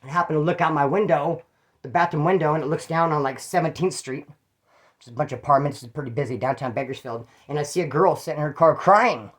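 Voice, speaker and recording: A man's voice: fairly high pitch, fast, fairly bright tone. A middle-aged man, telling his own stories in a rambling, slangy way and acting out the people he quotes. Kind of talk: casual storytelling monologue.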